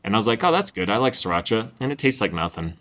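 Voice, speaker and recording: A man's voice: fairly low pitch, sing-song, fast talker, a bit bright. A man co-hosting a podcast in casual chat, rambling and laughing often. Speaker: podcast co-host.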